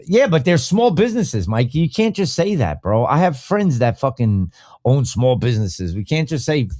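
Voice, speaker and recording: A male podcast host on a casual live stream, swearing freely and arguing with viewers in the chat. His pitch swings up and down with plenty of life. The sound is dry and close, with no room around it. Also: sing-song, moderate pace, darkish tone, no room sound. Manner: profane, blunt, argumentative; talks back to chat viewers by name.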